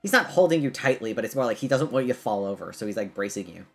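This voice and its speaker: A man's voice: lowish voice, animated, fast, creaky, a bit bright, soft background music. A man narrating and ruling as game master in a tabletop game, casual with many fillers.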